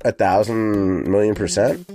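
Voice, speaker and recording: A man's voice: on the low side, fairly even intonation, unhurried, warm tone, soft background music. A man co-hosting a casual podcast, swearing freely and reading out viewer comments. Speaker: podcast co-host. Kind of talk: casual chat.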